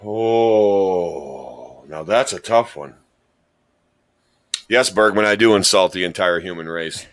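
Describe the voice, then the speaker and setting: A man's voice: low-pitched, slow, pauses often. A man hosting a casual podcast, rambling and joking at his own expense while telling stories. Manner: rambling, jokey, self-deprecating storyteller. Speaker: podcast host and quiz contestant. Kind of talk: casual chat.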